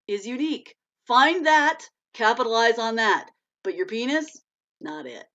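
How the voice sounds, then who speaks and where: A chatty middle-aged woman talks casually on a live stream, her voice bright and forceful. She laughs often and answers viewer comments as she goes. The audio is dull and lo-fi. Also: medium pitch. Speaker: author hosting a live stream.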